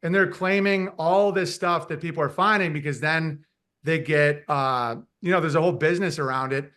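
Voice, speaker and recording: A man with a high, bright voice holds forth in a casual podcast chat. He rambles from one point to the next, slips into mocking impressions, and laughs at his own jokes. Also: normal speed.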